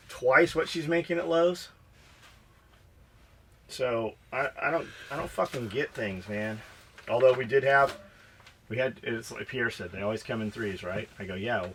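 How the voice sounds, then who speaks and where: A man co-hosting a podcast, telling a story in casual chat, profane and animated, acting out both sides of a conversation. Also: mid-range voice. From United States. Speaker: podcast co-host.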